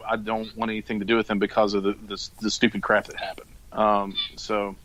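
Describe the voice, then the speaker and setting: A man's voice: on the low side, monotone, fairly bright tone, dry recording, low-quality recording. A middle-aged man hosting a podcast, wrapping up while stumbling and restarting his sentences. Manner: halting, stumbles over words. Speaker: podcast host. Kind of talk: casual podcast wrap-up.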